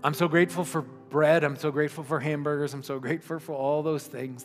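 A man preaching a sermon, earnest and emphatic, dropping to a hushed, prayerful tone at times. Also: fairly high pitch, steady tone, a little fast, hardly any pauses. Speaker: pastor. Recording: long hall reverb with faint music.

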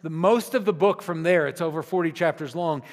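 A male pastor preaches in a relaxed, conversational way, sometimes sinking to a hushed, intimate register. His voice sits slightly high for a man. A long reverb from a large hall follows each phrase. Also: fairly quick. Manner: conversational preaching, dropping to soft intimate tones. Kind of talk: sermon.

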